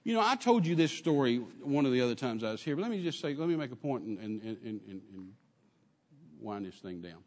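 A man's voice: mid-range voice, very animated, fairly quick, darkish tone, long reverb tail. An older man with a Texan accent preaching a sermon in a church, telling a story with emphatic repetition and calling out to the congregation. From Texas. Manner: emphatic storytelling, repeats phrases, calls out to congregation.

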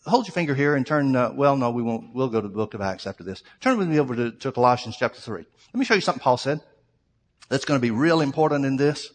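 A man's voice: mid-range voice, expressive, quick pace. A man preaching a sermon to his congregation, reading scripture aloud and explaining it verse by verse. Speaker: pastor. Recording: long hall reverb.

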